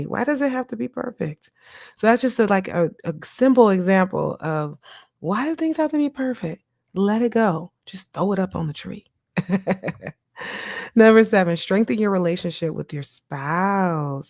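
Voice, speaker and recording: A woman hosting a casual podcast as a therapist, animated and encouraging, acting out her own inner voice as she talks. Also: fairly low pitch, dry recording, studio quality. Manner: encouraging, direct advice to listeners. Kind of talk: casual motivational podcast talk.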